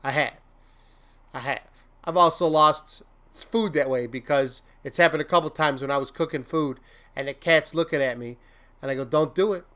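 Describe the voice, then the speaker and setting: A man's voice: on the high side, moderate pace, pushed and bright. Rambling, laughing man giving life advice. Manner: rambling, laughs often, mock-venting with silly fake curses. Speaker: host. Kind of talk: casual motivational livestream chat.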